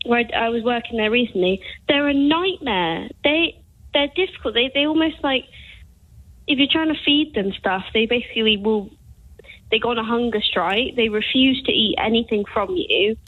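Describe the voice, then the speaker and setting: A woman's voice: fairly high pitch, normal speed. A woman calling in to a radio show, chatty and teasing, laughing easily. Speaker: caller. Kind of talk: phone-in call to a radio show. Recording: tinny phone line.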